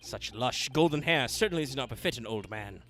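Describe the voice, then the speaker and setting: A man's voice: medium pitch, animated, fairly quick, pushed and bright, faint music behind. A man voicing a flamboyant, self-assured male detective, reading with theatrical declamation. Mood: grandiose.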